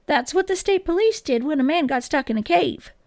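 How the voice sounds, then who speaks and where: A woman reading aloud and voicing an eager, impulsive boy who speaks loudly and insistently. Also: high voice, expressive, brisk, dry recording, voice pushed up.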